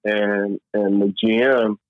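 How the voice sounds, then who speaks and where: A fairly low-voiced man from Louisville, Kentucky, US, a one-time pro baseball player, takes it slowly while telling his story in a casual interview. Animated, he repeats "man" and restarts frequently, captured in a dull, dry, lo-fi recording with no room sound.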